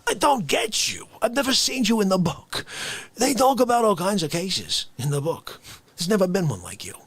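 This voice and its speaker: A man doing a comedic rant, swinging between shouting and hushed whispers. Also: sits high, very animated, normal speed, husky, dry recording.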